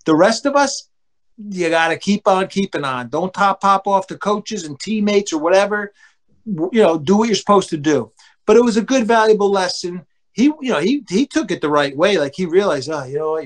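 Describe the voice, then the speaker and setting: A middle-aged man, a former pro baseball pitcher, telling stories in a casual interview in a blunt, animated way. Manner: animated, acts out quotes with loud outbursts; blunt, plain-spoken.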